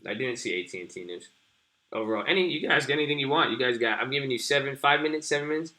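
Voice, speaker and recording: A man's voice: medium pitch, lively intonation, rapid-fire, pushed and bright. A young man hosting a live stream, rambling casually and profanely as he talks to his viewers. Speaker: stream host.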